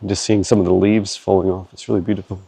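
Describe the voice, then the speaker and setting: Man, dark gravelly voice, dry close phone sound, halting casual vlog delivery. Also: low voice, flat delivery, no echo. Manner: halting, many fillers and restarts. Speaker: psychic channeler. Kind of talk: casual walking vlog, channeling answers. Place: woods outdoors, walking a dog. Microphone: handheld phone camera.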